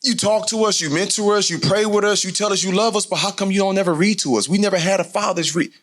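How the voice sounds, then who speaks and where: A big teenage boy in pain pleads in a lifted, strained voice, as a man puts him on while telling a story. He pushes each short demand higher than the last. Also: fast, a bit bright. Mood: pleading. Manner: raised pleading pitch.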